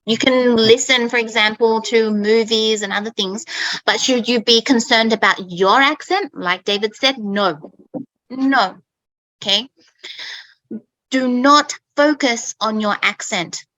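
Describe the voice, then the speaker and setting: A woman's voice: on the high side, unhurried, a bit bright, no echo, rough recording. A woman who grew up in Australia, hosting an online English chat in an emphatic way, often checking in with "okay?". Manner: emphatic, repeats herself, keeps asking "okay?". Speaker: host and English teacher. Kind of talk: casual online teaching chat.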